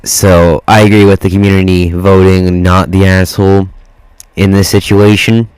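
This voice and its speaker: A man's voice: deep voice, little pitch movement, normal speed, a little mellow, clear, resonant tone, no room sound, low-quality recording. A man reading Reddit posts aloud in a casual way, stopping to swear and react to the text. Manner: swears freely, reacts to typos mid-read. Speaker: reddit story reader.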